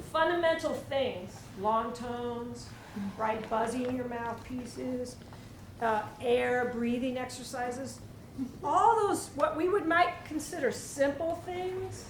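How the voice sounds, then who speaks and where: A woman's voice: sits high, a little hiss or hum. A woman teaching a live percussion clinic, chatty and quizzing the audience. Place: large echoey hall with audience. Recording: roomy live hall, distant mic, loud drumming.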